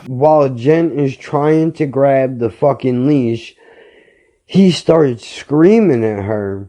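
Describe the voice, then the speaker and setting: A man's voice: medium pitch, lively intonation, slow, dark tone. A male podcast host telling a story as a blunt, heated rant full of swearing.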